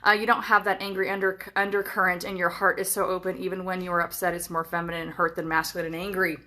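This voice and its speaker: An excitable woman in her thirties chats on a live stream from a hotel room. She swears freely and strings her thoughts together with lots of fillers. She talks into a phone camera. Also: lowish voice, quick pace. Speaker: vlogger. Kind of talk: casual live-stream chat.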